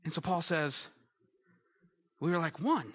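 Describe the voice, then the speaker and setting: A man's voice: on the high side, animated, measured pace, breathy edge, no echo, highs cut off. A man preaching a conversational sermon as pastor, who acts out little quoted voices as he goes.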